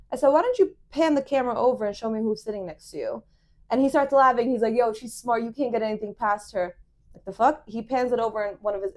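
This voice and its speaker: A young woman tells a dating story at a quick clip in a casual podcast chat. Her voice sits a little high, and she acts out each person's lines with lively energy. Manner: animated, quotes people in lively voices. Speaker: podcast co-host.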